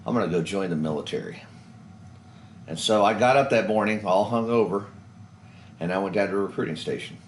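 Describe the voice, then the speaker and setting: A man in his forties with a Kentucky accent, a veteran telling his story in an interview in a blunt, profane, animated way. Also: fairly low pitch, fairly quick, pauses often, a little hiss or hum. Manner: blunt, profane, swerves into animated impressions of others. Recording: echoey room.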